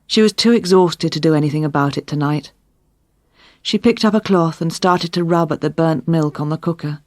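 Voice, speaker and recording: A woman reading a crime story aloud in a clear, measured narration for learners. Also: low voice, no room sound. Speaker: audiobook narrator. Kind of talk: scripted narration.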